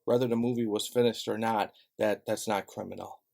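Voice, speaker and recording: Gravelly sarcastic man ranting. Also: on the low side, steady tone, a little fast, a little mellow. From Chicago. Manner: sarcastic, profane, heated. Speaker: vlogger. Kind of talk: direct-to-camera rant.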